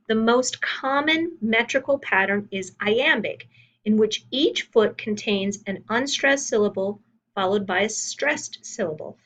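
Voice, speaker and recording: A woman teacher giving a recorded lecture, reading from her notes in a measured, explanatory way with occasional fillers and self-corrections. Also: medium pitch, fairly bright tone.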